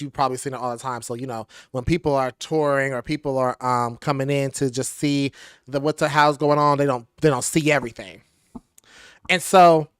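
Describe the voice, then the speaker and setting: A young adult man, telling a rambling, animated storytime as a tarot channel host, recorded on a device mic while sitting on the floor at home. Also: a little high, clear, resonant tone, dry recording, studio quality. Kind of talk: casual storytime chat. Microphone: device mic at a distance, no clip-on mic.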